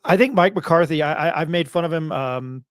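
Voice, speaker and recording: A man's voice: a little high, normal speed, no echo. An upbeat, joking man hosts a casual sports talk show. His voice sounds close and dry, with no room sound. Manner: upbeat, chatty, jokey. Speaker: podcast host.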